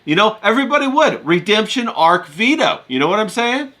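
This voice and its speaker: Lively, emphatic man. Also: high voice, brisk. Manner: emphatic, repeats points. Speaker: stream host. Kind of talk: casual stream chat.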